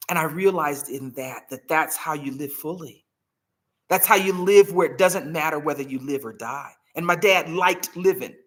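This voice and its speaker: A woman's voice: sits low, moderate pace. A woman hosting a live healing challenge, talking earnestly and telling heartfelt stories. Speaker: host. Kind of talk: live motivational healing talk.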